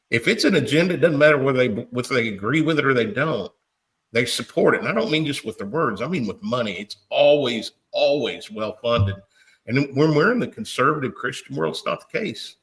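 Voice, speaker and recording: A man's voice: medium pitch, a bit bright. A man hosting a podcast, making a fervent, emotional appeal while close to tears, often stumbling over repeated words. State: tearful. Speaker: podcast host. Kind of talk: impassioned appeal, preacher-like.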